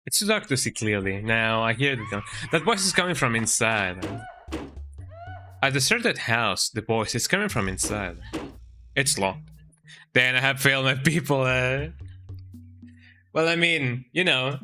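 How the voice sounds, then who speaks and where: A man chats his way through a video game on stream, with a very bright, ringing tone and a pitch that jumps around freely. He jokes constantly, reads the on-screen text aloud and keeps ending lines with a questioning "eh?". Faint game music plays underneath. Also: lively intonation, measured pace, pauses often. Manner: chatty, jokey, tags lines with "eh?". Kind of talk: let's-play commentary.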